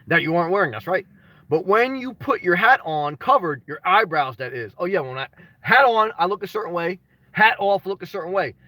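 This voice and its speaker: Speaking briskly, a man with a high-pitched voice runs a relaxed stream, welcoming chat members by name and meandering through stories. Bursts of excited shouting break in now and then. There's no echo, just dry, close sound.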